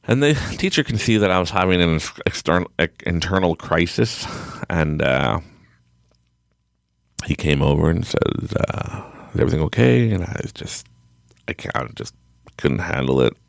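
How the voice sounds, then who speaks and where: A man's voice: sits low, unhurried, creaky, long pauses, dry recording, clean studio sound. A man in his late thirties telling a personal story on a podcast in a rambling, frank and emotional way, often restarting his sentences. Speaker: podcast guest.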